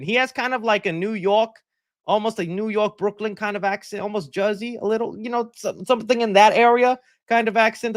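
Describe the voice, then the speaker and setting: A man hosting a livestream, talking in a rambling, joking, animated way at his desk mic. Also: sits high, no room sound, studio quality. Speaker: livestream host. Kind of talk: casual livestream chat.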